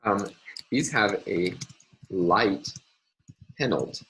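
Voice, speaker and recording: A man's voice: sits low, drawn-out words, fairly bright tone, a little hiss or hum, poor audio. A man lecturing step by step in a recorded university class, methodical and hesitant, with frequent ums and uhs.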